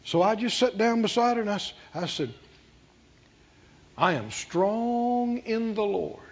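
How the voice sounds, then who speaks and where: A man delivers a storytelling sermon that draws call-and-response from the congregation, his slow, drawn-out phrases building into shouted chanting. His intonation is high-pitched and lively, and the audio is dull with slight background noise.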